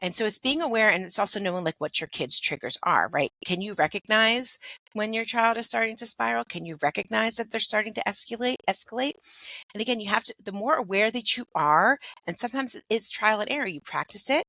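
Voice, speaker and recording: A woman's voice: mid-range voice, animated, fairly quick, sharp tone, poor audio. A middle-aged woman, a pediatric occupational therapist, explaining things in a conversational interview, often adding "like" and "right?". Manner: explanatory, peppers speech with "like" and "right?".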